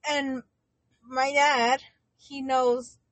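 A woman's voice: sits high, level tone, extremely slow, dry recording. A young woman co-hosting a podcast, telling a story in rambling casual chat with lots of fillers. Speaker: podcast co-host.

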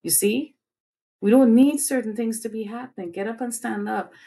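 A woman hosting a livestream, giving fiery, preachy commentary and swinging her pitch up and down as she speaks. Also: moderate pace, gravelly, mellow. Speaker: host.

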